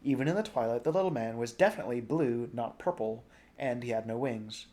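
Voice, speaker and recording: A young adult man reading a novel aloud in a relaxed, informal way. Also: medium pitch, a little fast. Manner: relaxed, informal, jokes at stumbles. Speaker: storybook reader.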